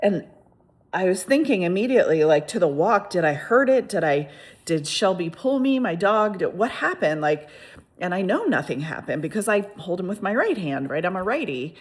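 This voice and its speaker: Woman rambling through a story on her vlog, lots of restarts, slightly low voice. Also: normal speed, slightly rough. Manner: rambling with frequent restarts and asides; lively, exclamatory retelling. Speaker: vlogger telling a personal story. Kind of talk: casual first-person storytelling.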